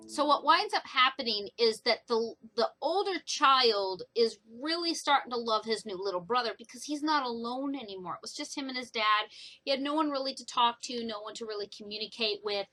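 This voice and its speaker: A young woman casually retelling a book's plot in a chatty, animated way for her vlog. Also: a little high, brisk, rough recording. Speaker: book reviewer. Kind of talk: casual book review vlog.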